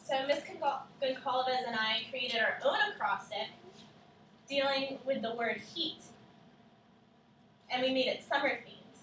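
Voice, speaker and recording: A woman co-teaching a class, explaining clearly step by step and asking the children questions. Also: sits high, a little slow, pauses often, fairly bright tone, slight background noise. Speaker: student teacher. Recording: echoey classroom from far off.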